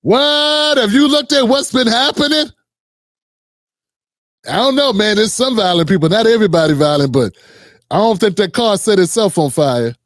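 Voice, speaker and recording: Mocking high-voiced male commentator. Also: lively intonation, moderate pace, pauses often, no room sound, studio quality. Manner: mocking, slangy, puts on voices to mimic. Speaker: political commentary host. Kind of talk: casual reaction commentary.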